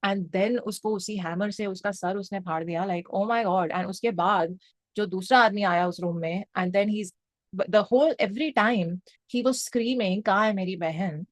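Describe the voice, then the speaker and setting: A woman's voice: medium pitch, moderate pace, dry recording. Emphatic woman. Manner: emphatic, excitable, mixes Hindi phrases into English; swears freely, lots of fillers like 'um' and 'like'. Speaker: film reviewer. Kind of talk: casual spoken film review.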